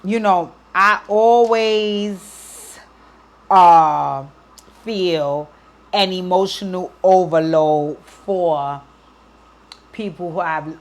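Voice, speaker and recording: A woman's voice: fairly low pitch, drawn-out words, long pauses. Earnest woman giving emotional advice. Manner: emotional, earnest, near tears, frequent "right?". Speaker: advice show host. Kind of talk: heartfelt advice talk to a listener.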